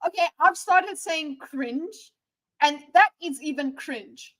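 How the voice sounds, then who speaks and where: A woman's voice: high-pitched, expressive, slow, fairly bright tone, rough recording. A woman in her thirties, a streamer giving sarcastic, teasing live reaction commentary. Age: 30s.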